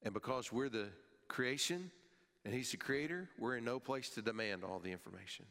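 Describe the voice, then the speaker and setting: A male pastor preaching a sermon, emphatic, his voice rising and falling sharply and dropping low at the ends of phrases, sometimes repeating words as he restarts. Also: moderate pace, a bit bright. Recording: long hall reverb.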